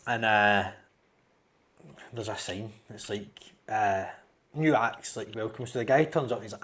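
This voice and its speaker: A man's voice: on the low side, fairly even intonation, moderate pace, a bit bright. Teasing Scottish man telling a joke. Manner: teasing, jokey banter. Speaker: podcast co-host. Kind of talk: casual chat, joke telling.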